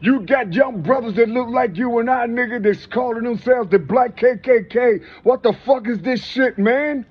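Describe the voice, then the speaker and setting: A man's voice: extremely high pitch, moderate pace, few pauses, highs cut off. A man in a rambling, preachy spoken monologue, full of rhetorical questions and profanity. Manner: preachy, repeats "you see" often.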